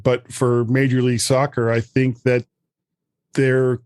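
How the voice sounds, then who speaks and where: A man's voice: mid-range voice, level tone, unhurried, darkish tone, no room sound. Thoughtful man guesting on a podcast. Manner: thoughtful, hedging, many fillers. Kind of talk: casual podcast chat.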